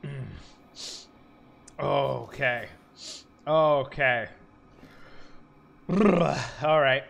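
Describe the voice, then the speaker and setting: A man's voice: fairly low pitch, expressive, measured pace, a bit bright, husky. A man in his thirties streaming a horror game, reacting aloud, swearing and talking to his chat. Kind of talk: live gameplay commentary.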